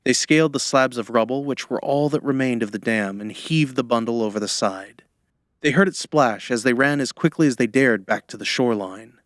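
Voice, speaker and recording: A man narrating a fantasy audiobook in a measured storytelling manner, close to the microphone. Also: medium pitch, no room sound. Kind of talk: scripted narration.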